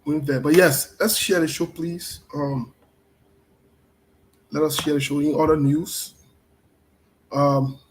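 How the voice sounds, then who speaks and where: Guy running a live show, a bit high pitched, keeps shouting out viewers' names. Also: fairly even intonation, slow pace, long pauses, a little hiss or hum, poor audio. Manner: repetitive, greets viewers by name. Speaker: show host. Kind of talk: casual live-stream talk.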